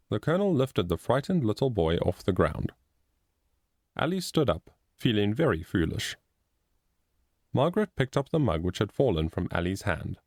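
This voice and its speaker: A man narrating a storybook chapter in a steady, expressive reading. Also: lowish voice, dry recording, clean studio sound. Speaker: audiobook narrator.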